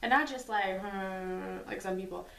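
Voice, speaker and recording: A woman's voice: mid-range voice, measured pace, gravelly, fairly bright tone, distant mic. Giggly chatty woman in an echoey room. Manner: chatty, giggly storyteller, lots of "like". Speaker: vlogger. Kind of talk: casual couple Q&A chat. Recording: echoey room, away from the mic.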